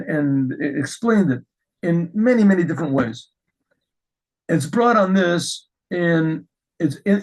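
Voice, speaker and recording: A middle-aged man teaching a Torah lesson as a rabbi, telling stories with lively restarts and repeated words. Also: a little high, husky, low-quality recording. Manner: animated storytelling with frequent restarts.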